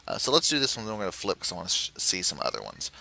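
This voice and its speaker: A man with a lowish, bright, forward voice guides viewers through a puzzle game in a relaxed tutorial. He thinks aloud as he goes, filling pauses with "uh" and restarting sentences to clarify. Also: creaky, poor audio. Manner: explanatory, thinking aloud with frequent "uh" and self-corrections. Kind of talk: screen-recorded game tutorial.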